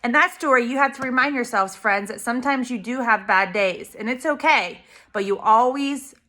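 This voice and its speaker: A woman, a preschool teacher, reading a picture book aloud to young children and pointing out the pictures. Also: on the high side. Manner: slow, expressive, pointing out pictures to kids.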